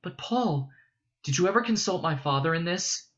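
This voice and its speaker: A man reading aloud voices a calm, gentle noblewoman mother who speaks softly and soothingly in her grief. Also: sits high, normal speed, highs cut off, voice pushed up. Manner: soft, soothing.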